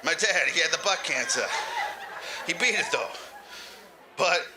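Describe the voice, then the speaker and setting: A man's voice: fairly high pitch, expressive, measured pace, background noise. A man telling a crude, rambling comic story as an old lounge comedian, laughing through his own jokes. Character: lounge comedian claiming eighty-five years.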